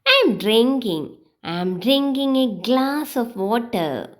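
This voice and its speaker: A woman with a high, lively voice reads simple example sentences for beginners. She takes them slowly and clearly, in a sing-song way. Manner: slow, clear, sing-song reading of drills. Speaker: English teacher.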